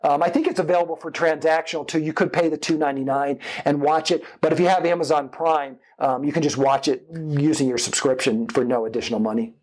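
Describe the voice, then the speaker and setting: Middle-aged guy rambling on with advice in a casual interview, kinda high voice. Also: steady tone, fast, few pauses, a little mellow. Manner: chatty, advice-giving, rambling. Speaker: guest filmmaker.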